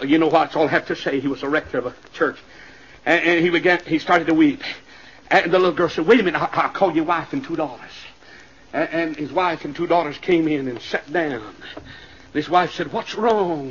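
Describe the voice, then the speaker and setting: Fiery male revival preacher, high and husky, muffled old LP sound. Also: a little hiss or hum. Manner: fiery, swings from low asides to sudden shouted climaxes. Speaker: evangelist. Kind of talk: shouting revival sermon. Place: church. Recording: muffled 1970s LP recording.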